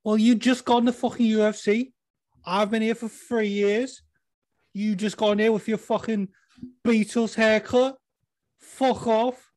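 A man putting on a loud, crude fighter. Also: little pitch movement, a little slow. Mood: mocking. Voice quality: high, shouty, profane. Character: brash young male cage fighter, loud and crude.

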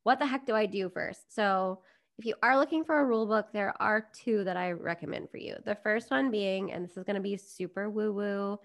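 A woman's voice: medium pitch, a little fast. A woman, a business coach chatting as a podcast guest, upbeat and digressive. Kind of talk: casual podcast conversation.

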